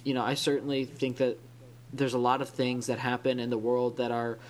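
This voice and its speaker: Podcast co-host guy, middle pitch, rambly and thoughtful, lots of restarts. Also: monotone, brisk. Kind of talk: casual discussion.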